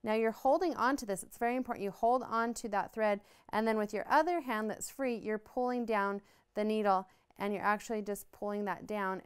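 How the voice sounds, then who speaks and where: A woman's voice: mid-range voice, smooth. A woman giving a patient, upbeat step-by-step embroidery tutorial, explaining each move as she stitches. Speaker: embroidery instructor.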